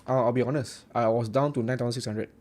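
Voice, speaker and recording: A young man with a Singaporean English accent hosts a casual livestream. His voice is mellow and dark at a middle pitch. He talks in a blunt, joking way and keeps saying "right.". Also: level tone, fast talker. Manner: chatty, repeats "right" often, blunt and joking. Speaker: forex trading livestream host. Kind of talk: casual livestream chat reading viewer comments.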